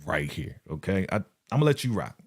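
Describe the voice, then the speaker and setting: A man's voice: low-pitched, brisk. A man hosting a live review show in casual, slang-filled chat, often laughing and speaking straight to his viewers. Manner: animated, laughing, slangy, acts out quotes. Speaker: host of a live TV episode review.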